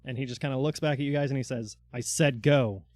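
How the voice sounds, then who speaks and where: A man's voice: medium pitch, steady tone, rapid-fire, a little mellow, no room sound. A man narrating a tabletop game as dungeon master, in loose narration full of fillers.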